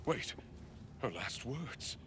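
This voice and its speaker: A man voicing a gruff, formal male warrior hero in a video game. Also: medium pitch, sing-song, drawn-out words. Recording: game audio with background noise.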